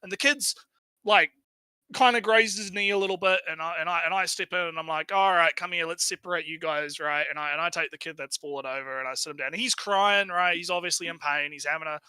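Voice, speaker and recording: Bright, tense man rambling in chat. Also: on the high side, fast talker, clean tone, dry recording, low-quality recording. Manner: rambling, tags lines with "right?"; repeats words when starting phrases. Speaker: stream co-host. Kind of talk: casual chat.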